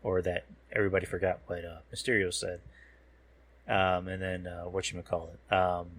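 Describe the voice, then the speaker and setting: A man's voice: low-pitched, level tone, moderate pace, fairly bright tone. A man hosting a podcast, casually recapping a film trailer while watching a show, rambling and swearing, often losing his words. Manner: rambling, profane, loses words mid-sentence. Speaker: podcast host.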